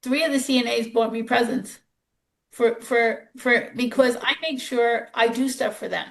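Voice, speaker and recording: A woman's voice: fairly high pitch, fairly even intonation, moderate pace, gravelly. A woman podcast host who works as a nurse, chatting and telling stories from her job, quoting herself along the way. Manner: chatty, storytelling, quotes herself. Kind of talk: podcast conversation.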